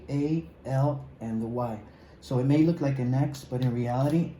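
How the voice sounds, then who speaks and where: A man's voice: mid-range voice, mellow, echoey room, slight background noise, poor audio. A man teaching an eighth-grade art class, giving feedback in an encouraging way and talking through his drawing, often trailing off to a mumble as he works. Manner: encouraging, repeats "okay?" and "guys"; talks while drawing, often drops to a mumble. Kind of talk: recorded drawing lesson.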